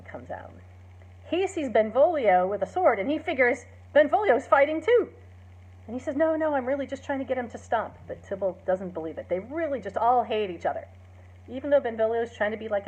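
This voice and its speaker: A woman's voice: medium pitch, a little mellow, slightly rough. A woman, a teacher, casually retelling a play's story, chatty with many fillers and acting out the quoted lines. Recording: dull lo-fi recording.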